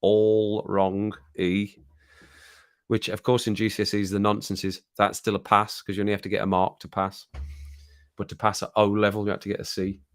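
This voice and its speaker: This livestream host is a middle-aged man from the English Midlands, chatting and rambling to his live audience from a streaming room at home while chuckling. His voice is on the low side, and he delivers it completely flat at a normal speed.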